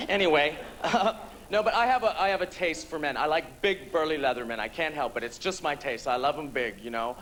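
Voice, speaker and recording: A man performing a stand-up comedy set on a theatre stage, campy, with quick punchlines. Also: on the high side, background noise. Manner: campy, rapid punchlines with quoted voices.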